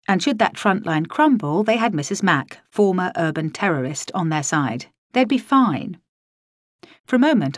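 A woman's voice: lowish voice, no echo, studio quality. A woman narrating a first-person audiobook in a wry, dryly comic manner.

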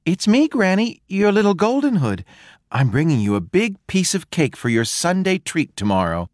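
A man voicing a sweet, innocent little girl in a high, chirpy voice. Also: very animated, normal speed, no echo, studio quality.

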